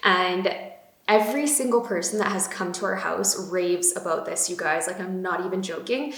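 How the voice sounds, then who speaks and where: A woman's voice: on the low side, normal speed, a bit bright. A young woman gushing about beauty products in a casual vlog, with lots of fillers. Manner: bubbly, gushing, many fillers. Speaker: beauty vlogger. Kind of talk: casual chatty product talk. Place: home room. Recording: echoey room.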